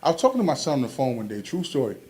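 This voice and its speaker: A man's voice: medium pitch, sing-song, very fast, a little mellow. A man doing a stand-up comedy set, telling stories animatedly and acting out quoted voices.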